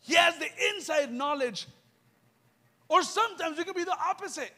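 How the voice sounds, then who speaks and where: A young adult man delivers a youth sermon in a strikingly high voice. He is fervent and urgent, constantly turning to the crowd with rhetorical questions. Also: moderate pace, bright, forceful tone. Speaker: youth preacher. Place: church youth event.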